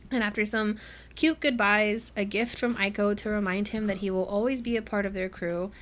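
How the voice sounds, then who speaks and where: A young woman co-hosting a podcast, recapping a novel in casual chat and acting out the characters' lines with quick laughs. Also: mid-range voice, fairly even intonation, a bit bright. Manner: chatty recap with acted-out quotes and frequent laughs. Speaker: podcast co-host. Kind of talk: casual book-club chat.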